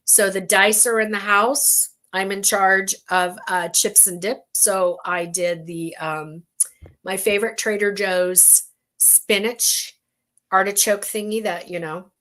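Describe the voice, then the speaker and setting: A woman's voice: mid-range voice, fairly even intonation, slow, fairly bright tone. A middle-aged woman hosts a casual craft livestream from home. She talks in a chatty, rambling way with frequent laughs and asides. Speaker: livestream host, bead weaver.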